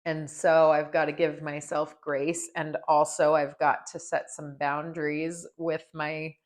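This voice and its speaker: Slow, earnest woman podcaster. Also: deep voice, level tone. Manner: heartfelt and earnest, speaks slowly. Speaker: podcast host. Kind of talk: personal reflective podcast talk.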